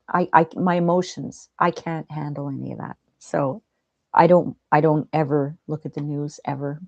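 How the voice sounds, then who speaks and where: A woman hosting a livestream, chatting gently and reading out viewers' comments. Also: deep voice, dry recording, highs cut off. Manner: soft-spoken, gentle, chatty. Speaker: livestream host.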